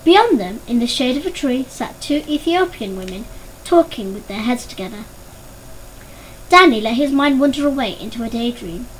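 A woman's voice: lively intonation, moderate pace, a little hiss or hum, low-quality recording. A woman narrating a children's novel as an audiobook, giving the characters their own voices. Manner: voices characters with raised pitch.

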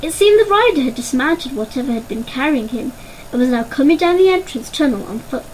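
A woman narrating a children's storybook in an expressive, dramatic way. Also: high-pitched, brisk, a little hiss or hum, low-quality recording.

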